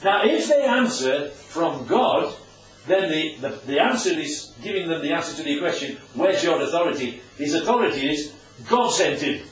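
Lively preacher in an echoey hall. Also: male voice, fairly high pitch, normal speed, slight background noise. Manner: chatty, asks the audience questions. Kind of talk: informal Bible teaching with slides. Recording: distant, echoey, dull room recording.

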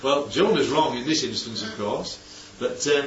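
Lively, chatty preacher. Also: male voice, medium pitch, normal speed, slight background noise. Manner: chatty, asks the congregation rhetorical questions. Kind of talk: conversational sermon. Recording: echoey hall, distant, dull mic.

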